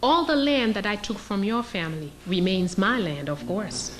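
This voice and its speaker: A woman's voice: medium pitch, normal speed. A woman, a historian giving an emphatic, sarcastic lecture and putting questions to her audience. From Haiti. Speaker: historian and teacher.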